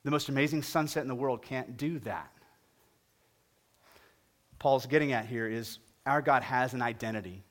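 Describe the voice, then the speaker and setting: A middle-aged male pastor preaching a sermon and telling a humorous story with animated delivery. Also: medium pitch, normal speed, pauses often.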